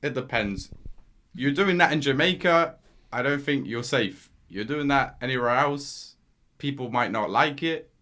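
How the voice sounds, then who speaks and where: A man's voice: mid-range voice, unhurried, pushed and bright. A young man, co-hosting a casual podcast chat in a laid-back, wry way. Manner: laid-back, wry, says mate a lot. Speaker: podcast co-host.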